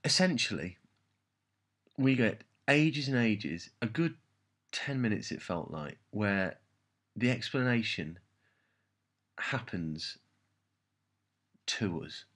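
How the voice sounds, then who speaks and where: Exasperated husky-voiced man reviewing. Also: lowish voice, expressive, takes it slowly, long pauses, a bit bright. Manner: exasperated, rambling, sarcastic. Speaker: show reviewer. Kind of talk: casual review monologue.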